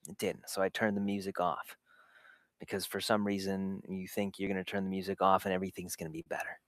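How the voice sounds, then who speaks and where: A man's voice: low voice, monotone, brisk, no room sound, studio quality. A man hosting a live show, telling a personal story candidly and in vivid detail, with frequent laughter. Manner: candid, self-deprecating, laughs often; recounts sensations in vivid detail. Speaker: host of a live show for dads. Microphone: camera setup in a home recording space.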